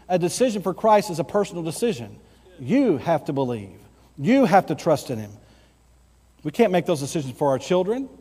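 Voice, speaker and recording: A man pastor delivering an emphatic sermon, slowing down to stress key phrases. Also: high-pitched, darkish tone, in a large hall.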